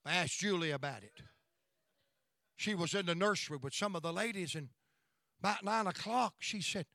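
A man's voice: high-pitched, normal speed, pauses often, pushed and bright, no room sound, clean studio sound. A middle-aged male pastor telling stories in a sermon, emphatic and folksy, often breaking into praise. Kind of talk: storytelling sermon.

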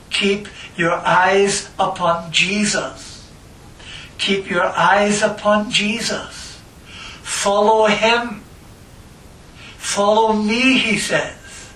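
A man preaching a sermon and reading scripture, slow and emphatic, repeating phrases for stress. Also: high-pitched, steady tone, bright, forceful tone, a little hiss or hum. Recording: echoey room, voice from a distance.

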